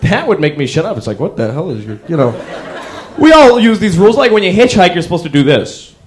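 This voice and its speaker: A young man performing a stand-up comedy set, telling wry stories with sudden yells. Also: high-pitched, sing-song, fast talker, slight background noise. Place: comedy club stage before a live audience. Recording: crowd laughter behind. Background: audience laughter.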